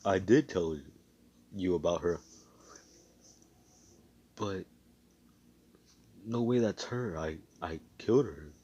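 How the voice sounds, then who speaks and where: A man's voice: sits low, takes it slowly, pauses often, warm tone, husky, dull audio, full character voice. A man voicing a guilt-ridden, earnest young man who talks in a pleading way, improvising a fan story. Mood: uneasy.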